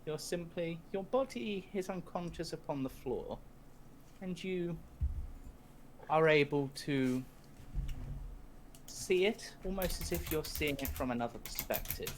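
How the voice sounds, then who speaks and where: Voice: mid-range voice, slight background noise. A game master who laughs often, opening the show and narrating the recap of a tabletop game. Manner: lively, laughs often, unhurried storytelling.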